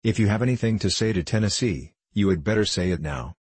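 Man reading an impatient judge, short formal questions, low husky voice. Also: expressive, quick pace, a little mellow, no echo. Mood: stern. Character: stern impatient male frontier judge.

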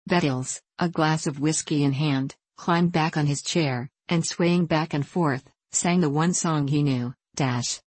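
A woman reading a story aloud as an audiobook narrator, in a measured storytelling way. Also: low voice, darkish tone, husky, dry recording. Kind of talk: scripted narration.

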